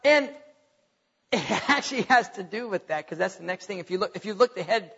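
High, husky-voiced pastor preaching. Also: male voice, lively intonation, bright, forceful tone, lo-fi sound. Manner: halting, many "uh" restarts, folksy asides. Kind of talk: sermon. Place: church sanctuary.

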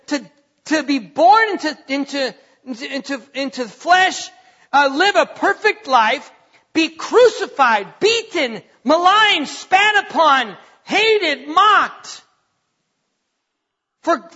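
Man, preacher, sermon, very high voice, emphatic and repetitive, big hall reverb. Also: bright, forceful tone. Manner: emphatic, repeats words, quotes scripture. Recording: long hall reverb, dull lo-fi sound.

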